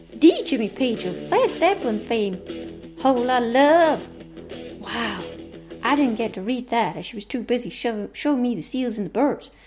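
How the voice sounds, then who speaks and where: Woman playing chatty female toy dolls, put-on American accent, high voice, bouncy sing-song. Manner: sing-song, exaggerated, cheery back-and-forth.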